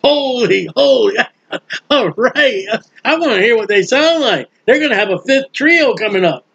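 A man teaching a Bible study sermon in a lively, animated way, playing out the voices of people in the story. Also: extremely high pitch, normal speed, husky. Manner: animated, acts out bystanders' mocking voices. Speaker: preacher. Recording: dull lo-fi recording.

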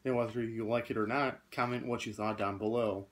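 A man's voice: lowish voice, fairly even intonation, a little fast. A man co-hosting a casual product review, easygoing and agreeable, with hesitant fillers. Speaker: co-host of a fragrance review channel.

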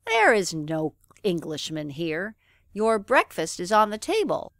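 A woman's voice: on the low side, huge pitch swings, a little slow, a bit bright, no room sound, studio quality, exaggerated voice. A woman voicing a kind, worried giant's wife who speaks urgently and protectively, storybook style.

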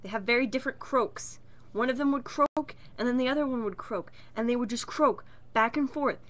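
A woman's voice: a little high, fairly quick. A woman vlogger telling an exasperated, swear-filled story to the camera from her bedroom. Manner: animated, exasperated, swears a lot. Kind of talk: casual storytelling rant. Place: own bedroom.

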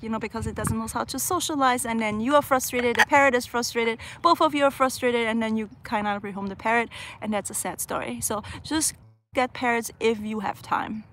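A woman's voice: on the high side, a bit bright, a little hiss or hum. A young woman hosting a casual live chat, reading viewer comments aloud and answering chattily, laughing often. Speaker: livestream host answering viewer questions.

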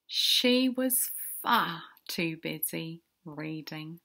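Reading a rhyming picture book aloud, a female storyteller keeps a slow, sing-song rhythm and an expressive delivery. Her voice is bright and crisp, pitched a little high, with a gravelly touch of vocal fry. She frequently poses questions to the children listening and now and then sinks into soft whispers.

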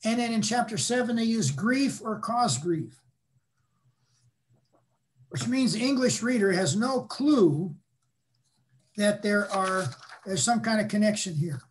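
An older man lecturing, explaining patiently and pausing to restate his points. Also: sits high, lively intonation. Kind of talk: academic lecture.

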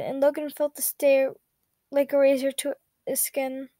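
High-voiced woman reading a story aloud. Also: unhurried, dry recording. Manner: steady, plain reading with small slips and self-corrections. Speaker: fanfiction reader.

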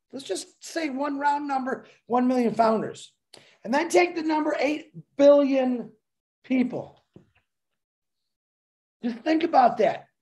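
An excitable man rambling through a pep talk as a webinar co-presenter over a video call, laughing while he talks. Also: very high-pitched.

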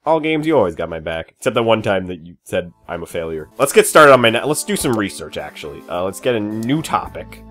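Goofy man with an animated, jumpy voice. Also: fairly low pitch, brisk, few pauses, faint music behind. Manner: goofy, jokey, with sudden excited yelps. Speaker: gaming YouTuber. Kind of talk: comedic let's-play commentary.

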